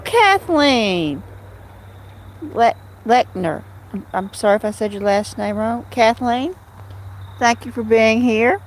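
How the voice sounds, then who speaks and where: A middle-aged woman, hosting a casual livestream from her rural home and answering viewers by name. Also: a little high. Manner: chatty, drawling, answers chat by name. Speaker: livestream host.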